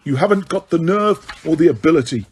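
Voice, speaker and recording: A man doing a sneering cold wizard, husky. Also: a little high, animated, brisk, a little mellow. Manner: sneering, contemptuous. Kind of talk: audiobook character reading.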